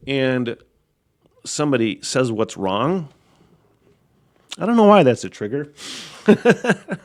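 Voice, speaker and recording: A man hosting a solo podcast talks in a loose, rambling way, swearing constantly and laughing often. His voice sits at an ordinary middle pitch. He tells stories with animated energy. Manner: animated storytelling. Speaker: podcast host.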